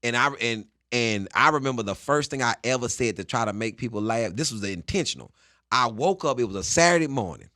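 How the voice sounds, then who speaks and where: Animated storyteller, lively pitch. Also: male voice, fairly quick, dry recording, studio quality. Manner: animated storyteller acting out scenes. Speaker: comedian guest. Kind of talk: storytelling interview.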